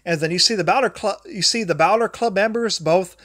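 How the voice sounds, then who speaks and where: A young man with a high voice hosts his own livestream. He talks in a loose, rambling way, often trailing off and starting sentences over. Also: fairly quick, a bit bright, no room sound, clean studio sound. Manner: rambling, restarts and repeats words often; grumbles at a failing charger mid-talk. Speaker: livestream host. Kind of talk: rambling solo livestream talk.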